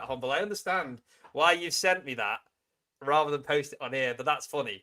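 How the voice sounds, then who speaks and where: Male stream host, slightly high pitch, loose and chatty, laughs easily. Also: moderate pace, sharp tone. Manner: chatty, giggly, reads chat comments aloud. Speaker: livestream host. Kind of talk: casual live-chat stream.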